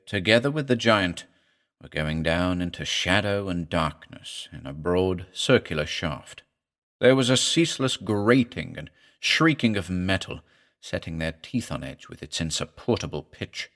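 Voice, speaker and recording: Guy reading an audiobook, kinda low voice, steady measured storytelling. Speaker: narrator. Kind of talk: scripted audiobook narration.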